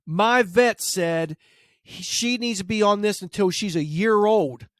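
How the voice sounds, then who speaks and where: A stubborn dog owner snaps back, curt and defensive, as a man imitates him in a story. The voice sits a bit high and sounds dry and close. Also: a little slow, no room sound. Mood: angry.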